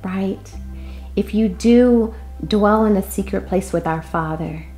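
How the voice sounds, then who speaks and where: A woman delivering a prophetic word in an impassioned way, moving between loud declarations and hushed asides. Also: medium pitch, takes it slowly, faint music behind. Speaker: prophetic minister.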